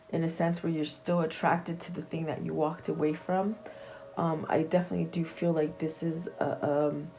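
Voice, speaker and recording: A woman giving a casual tarot reading straight to her viewers, talking in a soft, meandering way with plenty of fillers and restarts. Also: low-pitched, a little hiss or hum, poor audio. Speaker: tarot reader.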